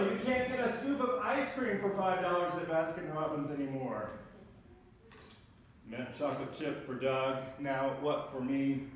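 A man preaching a sermon as pastor, telling funny everyday stories in a lively way. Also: a little high, unhurried, a little hiss or hum. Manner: humorous storytelling preacher. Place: large church sanctuary. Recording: echoey church recorded from a distance.

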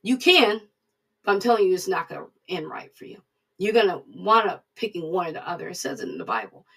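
A woman preaching in a plain, conversational way, speaking straight to her listeners. Her voice is gravelly and husky. She sounds a little distant from the microphone. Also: lowish voice, very animated, a little fast, fairly bright tone. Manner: plain-spoken, conversational, addresses listeners directly. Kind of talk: informal recorded sermon.

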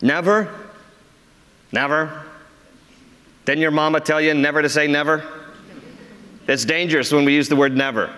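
A man's voice: a little high, flat delivery, fairly quick, pushed and bright, smooth. A middle-aged American man preaching a sermon as pastor, often acting out quoted lines in a raised voice. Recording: long church hall reverb.

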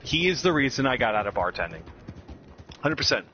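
A man's voice: mid-range voice, brisk. A man casually telling a story, laughing often and acting out other people's lines. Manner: animated, laughs often, acts out customers' lines. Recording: slightly dull lo-fi audio with faint background noise.

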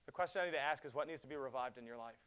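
A middle-aged man, a pastor, preaching a sermon that swings from loud urgent pleading to hushed, quiet passages. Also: medium pitch, rapid-fire, clean tone.

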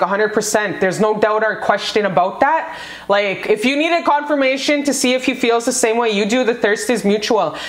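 A woman giving a casual pick-a-card love reading to her viewers. She gushes and swears freely, calling her audience "you guys.". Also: medium pitch. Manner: gushing and profane, addresses viewers as "you guys". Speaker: tarot card reader. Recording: roomy echo.

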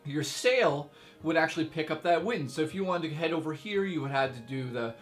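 A man hosting a casual video game review, talking in an excitable, joking way with exaggerated asides. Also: fairly high pitch, fairly quick, faint music behind.

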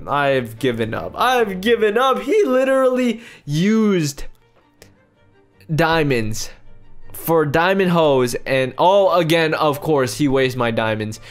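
High, lively young man ranting over gameplay. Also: smooth. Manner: exasperated, loud outbursts, addresses viewers as guys. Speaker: YouTuber playing a video game. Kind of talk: excited gameplay commentary.

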